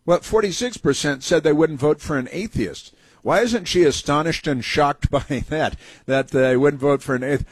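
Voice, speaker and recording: Husky, scoffing male talk host. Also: a little high, normal speed, no echo. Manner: sarcastic, mocking and indignant. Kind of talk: opinionated talk radio monologue.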